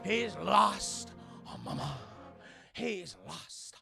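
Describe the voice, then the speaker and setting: A man's voice: sits high, animated, drawn-out words, gravelly, over music, exaggerated voice. A man putting on the voice of a manic male clown villain who taunts in a giggling singsong. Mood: taunting.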